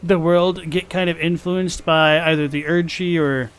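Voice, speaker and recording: A gaming streamer with a smooth, high-leaning voice speaks unhurriedly, his pitch barely moving. He plays while chatting casually about the lore and thinking aloud.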